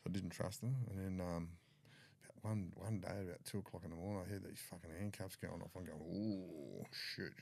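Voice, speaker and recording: With a low, creaky, slightly rough yet somewhat mellow voice, an older Australian guest on a podcast tells his story briskly. He speaks candidly, curses without restraint, and performs other people's lines himself.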